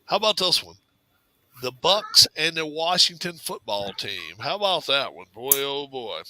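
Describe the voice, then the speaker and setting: Bright-voiced drawling male storyteller. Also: fairly high pitch, very animated, unhurried, no echo, low-quality recording. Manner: drawling, laughing storyteller who acts out quotes. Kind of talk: casual storytelling and sports chat.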